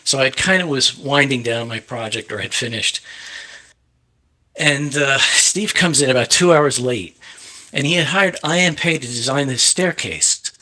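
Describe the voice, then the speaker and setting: A man, a photographer, telling a lively anecdote on a panel and acting out the quotes. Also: medium pitch, unhurried. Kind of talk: storytelling on a panel.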